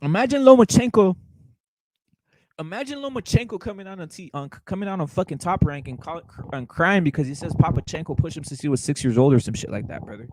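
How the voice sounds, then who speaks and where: Guy ranting on a boxing stream, swears a lot, kinda high voice, dry sound. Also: expressive, fast talker, darkish tone, no room sound, rough recording. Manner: profane, heated, repetitive, keeps saying "brother". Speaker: boxing show host. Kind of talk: casual livestream rant.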